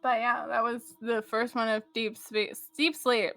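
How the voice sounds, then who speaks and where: A woman's voice: fairly high pitch, level tone, unhurried, fairly bright tone. A woman streamer chatting casually while gaming, in a valley girl drawl full of "like".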